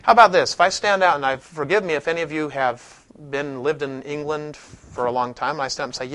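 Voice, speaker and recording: A man's voice: a little high, brisk, hardly any pauses. A man teaching a scripture class in a casual, conversational way, stopping to restart sentences and leaning hard on points he wants to stress. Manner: conversational, with frequent restarts and lively emphasis. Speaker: Bible teacher. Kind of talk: classroom lecture with scripture reading.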